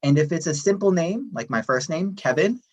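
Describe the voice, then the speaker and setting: A man presenting at a staff workshop, explaining at a steady, friendly pace with frequent "um" fillers. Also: on the high side, brisk, muffled recording. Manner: friendly, even, many "um" fillers. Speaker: workshop presenter, administrative assistant. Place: online workshop session.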